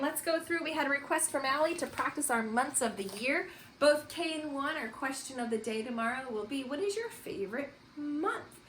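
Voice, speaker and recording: A woman's voice: sits high, reverberant, a little hiss or hum, poor audio. Sing-song kindergarten teacher woman. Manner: bright sing-song teacher voice, praising often. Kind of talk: kindergarten distance-learning morning meeting. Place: home.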